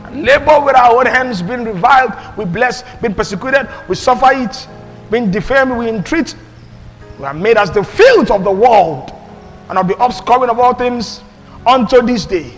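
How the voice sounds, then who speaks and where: A male pastor preaching a sermon and reading scripture, with emphatic delivery that swings between loud and hushed. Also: extremely high pitch, lively intonation, moderate pace. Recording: long hall reverb with faint music.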